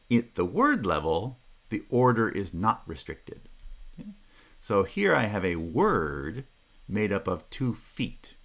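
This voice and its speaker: Slow, deep-voiced male lecturer. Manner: measured and explanatory, with checking "Okay?" asides. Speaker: linguistics lecturer. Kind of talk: university lecture.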